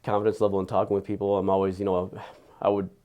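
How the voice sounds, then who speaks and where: A man giving an earnest, candid patient testimonial, halting and often repeating his words. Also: low voice, completely flat delivery, dull audio.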